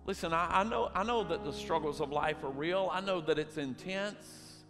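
A pastor preaching with a high-pitched voice that moves between hushed storytelling and loud, driving preaching. The sound carries a long reverb through a church hall, with soft music playing underneath. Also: male voice, normal speed. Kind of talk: sermon. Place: church sanctuary.

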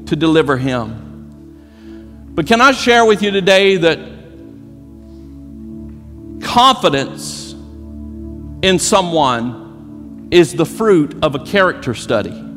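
A man preaching a sermon as pastor, building to shouted emphasis and repeating his phrases. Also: fairly high pitch, lively intonation, slow, pauses often, long reverb tail, soft background music. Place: church sanctuary.

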